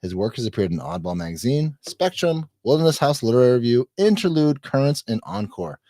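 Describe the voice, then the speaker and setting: Lively, laughing male podcast host. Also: medium pitch, a little fast, dry recording, clean studio sound. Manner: laughs often, animated, playful teasing. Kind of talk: casual chat and reading guest bios.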